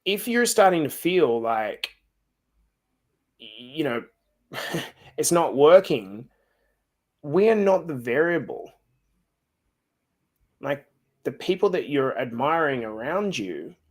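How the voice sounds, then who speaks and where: Energetic swearing man hosting. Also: fairly high pitch. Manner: blunt, swears freely, energetic sign-off. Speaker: podcast host. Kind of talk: casual podcast chat.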